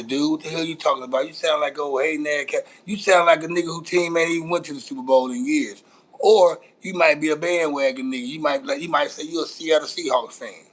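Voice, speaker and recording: A brash man with a Los Angeles accent hosts a casual live-stream chat. His voice sits a bit higher than most men's. He teases viewers in loose, profane banter. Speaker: host.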